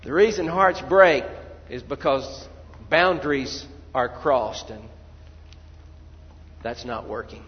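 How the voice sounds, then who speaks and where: A man preaching a sermon as pastor, swinging from quiet, low asides to loud, pleading cries. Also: lively intonation, takes it slowly, in a large hall, dull audio. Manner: preaching with sudden loud cries when voicing people praying.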